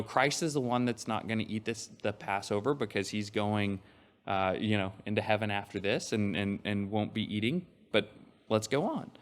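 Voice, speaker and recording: A man preaching a sermon, reading scripture aloud and explaining it in a conversational way, with frequent fillers and restarts. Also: fairly low pitch.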